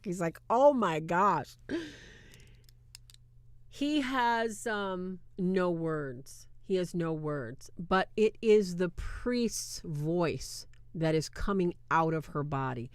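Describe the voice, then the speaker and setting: A woman reviewing a movie recaps it casually, scene by scene, acting out snippets of dialogue in a chatty way. Her voice is fairly low-pitched, with no room sound.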